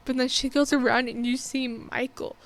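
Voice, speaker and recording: A woman giving a casual spoken movie review, talking in an excited, emotional way and rambling with many restarts. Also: high voice, moderate pace.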